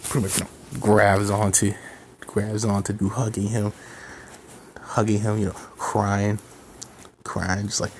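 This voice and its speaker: Male amateur storyteller, slow and rambling, faint noise behind. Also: lowish voice, flat delivery, darkish tone. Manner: rambling, heavy on fillers. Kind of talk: improvised fan story narration.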